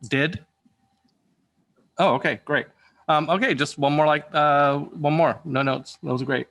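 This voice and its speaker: A man's voice: fairly high pitch, a little slow, gravelly, fairly bright tone. A man directing a voice-acting session in a casual, encouraging way, restarting his sentences often.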